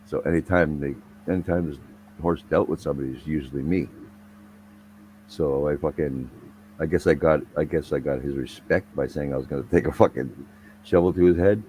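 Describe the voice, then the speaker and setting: A man's voice: rumbling low, brisk, warm tone, a little hiss or hum, poor audio. A young man casually telling a rambling, profanity-laced story in conversation. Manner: profane, rambling anecdotal delivery.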